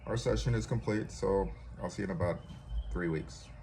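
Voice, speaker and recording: A clinical male counselor speaks in a measured, routine manner, voiced by a male storyteller. He sounds pitched slightly above a low, deep speaking voice. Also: gravelly, dark tone, slight background noise.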